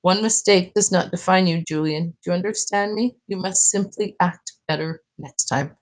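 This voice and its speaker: A woman reading a novel aloud takes on an elderly grandmother full of quiet kindness. She speaks softly and tenderly, her voice sitting a touch low. The storybook telling stays gentle throughout. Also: moderate pace, lightly acted, low-quality recording.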